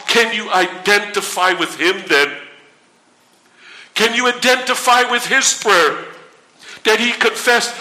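A man preaching a sermon in an earnest, pleading way, asking the listener direct questions and slowing to a solemn pace for scripture. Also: sits high, pushed and bright, reverberant, poor audio.

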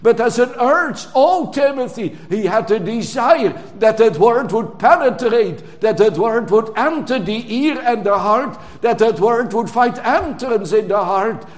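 Slow, emphatic male preacher. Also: sits high, expressive. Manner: emphatic, drawn-out preaching with sudden loud stresses. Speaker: pastor. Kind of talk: sermon.

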